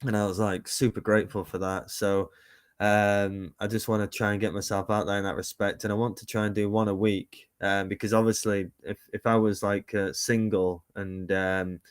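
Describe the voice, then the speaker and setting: In a studio-quality recording with no room sound, a man from the United Kingdom in his thirties talks in a fairly low, clear, resonant voice with little pitch movement and a moderate pace. A musician and painter, he rambles casually through a video-call interview, often restarting and using fillers.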